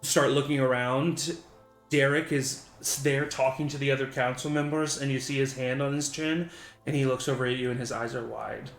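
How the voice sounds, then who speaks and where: A man's voice: mid-range voice, fairly even intonation, moderate pace, reverberant, soft background music. A man narrating as game master for a tabletop game, rambling with many fillers.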